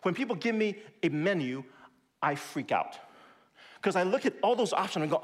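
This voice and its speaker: A high-voiced middle-aged man delivers a sermon. He hammers his points by saying them again slowly, and he leaps up in pitch whenever he acts out what other people say. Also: very animated. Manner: emphatic, repeats key points slowly; acts out quoted voices with big pitch jumps. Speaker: pastor.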